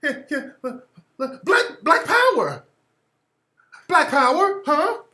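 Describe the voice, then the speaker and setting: A nervous, fawning man pleads and stammers in a high, flustered voice, as a man puts him on. The voice sits well above normal speech and rings in an echoey room. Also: sing-song, takes it slowly, pushed and bright, exaggerated voice. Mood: flustered pleading. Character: nervous fawning man, suddenly begging for help.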